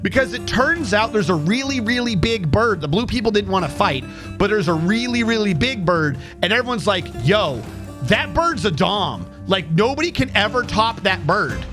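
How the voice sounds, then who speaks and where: A man's voice: high-pitched, lively intonation, a little fast, music in the background. A man streaming a game, chatting casually in a rambling, profane way and counting under his breath as he plays. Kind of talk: casual rambling commentary while playing a game.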